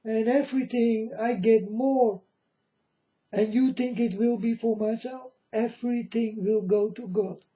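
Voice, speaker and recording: Man, rambling preachy monologue, slightly high voice, muffled lo-fi sound. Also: dark tone. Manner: slow, repetitive, preachy, addresses viewers as folks. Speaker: self-styled prophet. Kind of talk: rambling religious monologue to viewers. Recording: dull lo-fi sound.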